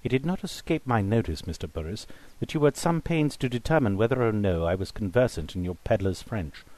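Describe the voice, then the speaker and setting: A man voicing a suspicious, educated gentleman who speaks formally and precisely. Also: fairly low pitch, expressive, brisk, no room sound, lightly acted. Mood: accusing. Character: educated, sharp-witted gentleman, male, suspicious.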